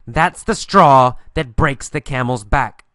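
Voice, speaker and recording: A man teaching an English listening lesson, telling a mini story and repeating each line slowly and clearly for learners. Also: mid-range voice, pushed and bright, no room sound, clean studio sound. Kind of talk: guided story narration with instructions.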